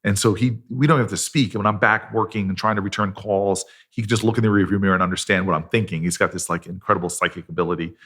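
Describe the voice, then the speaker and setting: A man's voice: lowish voice, steady tone, fast, few pauses, a bit bright, breathy edge. A middle-aged man, a senator on a podcast, telling a personal story in an earnest, self-deprecating way. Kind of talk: conversational storytelling.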